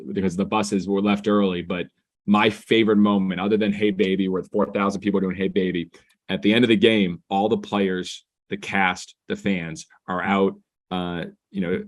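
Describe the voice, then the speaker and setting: Enthusiastic man telling stories. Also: deep voice. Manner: excited, fast-flowing anecdotes; gets softer and emotional when reflecting. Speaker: guest. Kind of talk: conversational storytelling.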